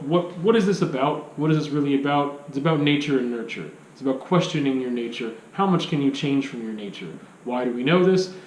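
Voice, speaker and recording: A man's voice: medium pitch, roomy sound, slight background noise, poor audio. A man giving a casual film review, rambling, with many restarts and rhetorical questions.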